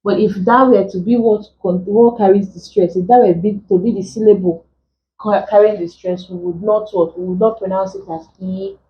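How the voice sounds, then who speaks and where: A woman English tutor teaching vowel sounds for exam preparation, saying example words slowly and often repeating them. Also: medium pitch, animated, highs cut off, a little hiss or hum. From Nigeria. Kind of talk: exam prep lesson.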